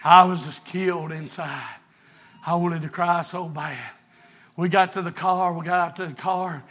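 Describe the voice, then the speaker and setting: A man preaching a sermon, fervent and emotional, often shouting. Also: sits high, steady tone, unhurried.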